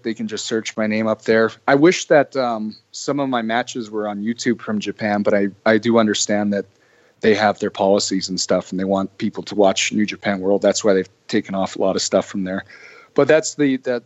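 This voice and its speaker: A young Canadian man with a lowish voice tells stories casually as a podcast guest, rambling and frequently restarting his sentences. The audio is dry, muffled, and lo-fi, with no room sound.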